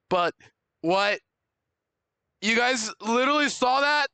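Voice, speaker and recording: A young man chats through a live game stream, quick to overreact and shout in disbelief. His voice sits high and swings widely in pitch. The sound is bright and dry, close to the mic. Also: clear, resonant tone, no echo. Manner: excitable, loudly overreacting.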